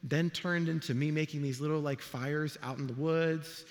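A man's voice: on the high side, moderate pace, long reverb tail. A middle-aged man, a pastor, preaching a sermon in a church and telling stories with acted-out voices. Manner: animated storytelling, acts out voices. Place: church sanctuary.

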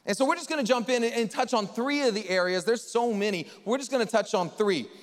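Animated high-voiced male pastor in a reverberant hall. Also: fast. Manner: animated storytelling, addresses the congregation. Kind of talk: sermon. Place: church hall.

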